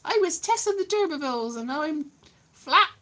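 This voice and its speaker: A woman's voice: high-pitched, expressive, moderate pace, bright, forceful tone. A woman voicing a poor little mill girl from olden days in a melodramatic, mock-tragic way. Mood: woeful.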